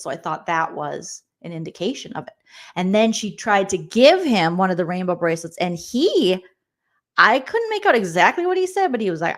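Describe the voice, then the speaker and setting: With big pitch swings in a mid-range voice at a moderate pace, a young adult comedian gossips through a reality show recap. She addresses her viewers directly, stays sarcastic and chatty, and mimics those she mocks with put-on voices.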